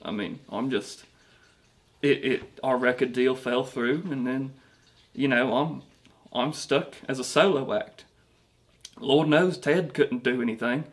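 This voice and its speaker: A man's voice: mid-range voice, a little slow, natural voice. A man playing a vain, self-pitying, washed-up male rock singer with a British accent, rambling through a mockumentary interview with many restarts. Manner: rambling, boastful, stumbling restarts.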